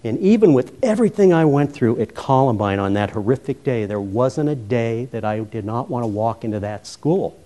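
A middle-aged man from Colorado, a former high school principal, giving a keynote speech at a conference and telling humorous stories full of acted-out dialogue. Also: normal speed, few pauses. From Colorado, USA. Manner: humorous, animated storyteller who acts out dialogue. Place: conference hall. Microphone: roving handheld mic.

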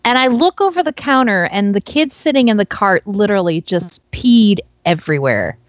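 A woman's voice: mid-range voice, expressive, normal speed, dry recording. A woman co-hosting a podcast, chattily telling stories from her deli job. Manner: chatty, reacts with laughs and exclamations. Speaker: podcast co-host. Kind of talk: casual chat, telling work stories. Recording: dull lo-fi mic, dry.

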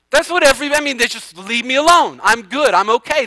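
A man, the pastor, preaching a sermon, swinging from hushed passages to fervent, emphatic ones. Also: very high-pitched, animated, quick pace, few pauses, no echo, low-quality recording.

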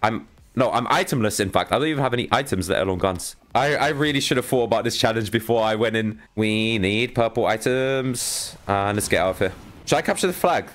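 A young man giving excitable live commentary on his own video game play, talking to his viewers and breaking into exasperated outbursts. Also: on the low side, fast. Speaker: gaming YouTuber.

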